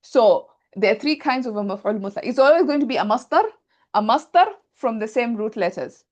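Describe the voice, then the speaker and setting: A woman's voice: on the high side, animated, brisk. A woman teaching Arabic grammar in an online class, explaining patiently step by step with examples over a video call.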